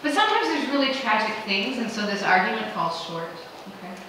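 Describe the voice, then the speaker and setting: A woman pastor preaches to her congregation in a conversational yet emphatic style, quoting questions she imagines them asking. Her medium-pitched voice swings widely and sounds brisk, pushed and bright. The recording, made from far off in an echoey church sanctuary, has a little hiss or hum.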